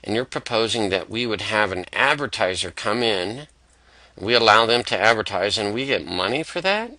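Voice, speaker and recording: A man's voice: fairly low pitch, animated, normal speed, bright, forceful tone, no room sound. Amazed transit official, asking questions in disbelief, guy putting it on. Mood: incredulous. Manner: incredulous questioning. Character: surprised transit official, amazed then pleased.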